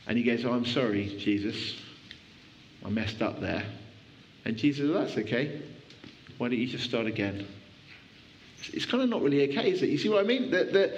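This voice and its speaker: A man preaching a sermon in a church, conversational and animated, often restarting his sentences. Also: medium pitch, muffled recording, slight background noise.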